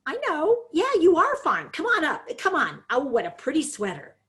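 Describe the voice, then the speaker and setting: A woman's voice: sits high, huge pitch swings, normal speed, fairly bright tone, voice pushed up, heavily acted. A woman voicing a patronizing female caregiver who uses gushing, sing-song baby talk.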